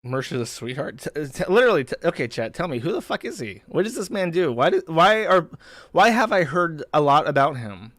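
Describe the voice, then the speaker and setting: A man hosting a live stream speaks on the high side with big pitch swings, a fairly bright tone and a slightly quick pace, with no room sound. He responds to a clip and to chat in a crude, disbelieving, mocking way during casual commentary.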